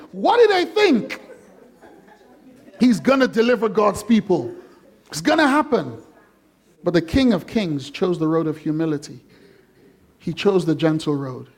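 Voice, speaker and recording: A man with a high voice preaching in a church. He is animated and full of jokes, and slips into playful voices to act out the people in his story. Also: creaky. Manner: animated and jokey, acting out quoted voices. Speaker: pastor. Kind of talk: sermon.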